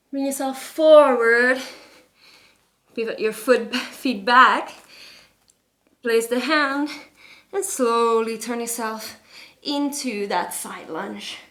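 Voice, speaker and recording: High, unhurried female yoga teacher, winded from doing the flow, encouraging; echoey room. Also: fairly bright tone. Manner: encouraging, breathy cues with light laughter. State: out of breath. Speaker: yoga instructor. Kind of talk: cueing a yoga workout while doing it.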